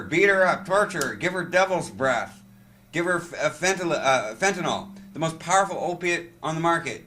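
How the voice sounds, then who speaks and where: A man giving an impassioned, rambling monologue to camera, urgent and halting with many restarts. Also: on the high side, bright, forceful tone. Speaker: vlogger.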